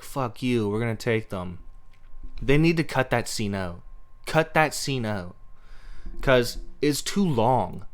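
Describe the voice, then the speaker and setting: Podcast host, male, resonant mid-pitched voice, loose and sweary, lots of "like". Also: fairly bright tone, clear, resonant tone. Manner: rambling and profane, heavy on "like". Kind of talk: casual movie rant.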